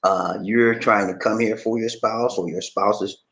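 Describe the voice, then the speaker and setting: A man's voice: on the low side, steady tone, unhurried, gravelly, a bit bright, rough recording. Folksy man hosting a live chat. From United States. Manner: folksy, repeats phrases, reads viewer comments aloud. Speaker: host of a live stream. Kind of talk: casual live chat answering viewers.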